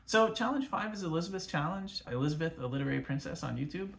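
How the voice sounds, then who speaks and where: A man's voice: fairly high pitch, animated, fast, vocal fry. A man co-hosting a casual book chat, talking with frequent ums and uhs. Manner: hesitant, many ums and uhs. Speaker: co-host of a book channel. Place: United States.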